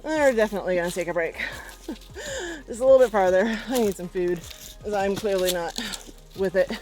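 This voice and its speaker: This hiking vlogger, a young woman, speaks in an animated, slightly mellow mid-range voice at normal speed. Carrying a handheld camera on a mountain trail, she chats, laughs often and is occasionally breathless talking to her dog and friends; the recording is rough.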